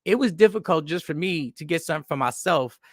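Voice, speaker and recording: A man hosting a podcast, telling rambling stories in a loose, animated comedic monologue. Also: a little high, fast talker, no room sound, clean studio sound. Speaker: podcast host.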